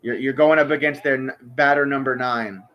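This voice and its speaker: A man's voice: medium pitch, steady tone, normal speed, pushed and bright. A man calling a baseball game as a fan, talking to the players and bursting out on big plays. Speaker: fan doing his own play-by-play. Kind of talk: amateur live play-by-play commentary.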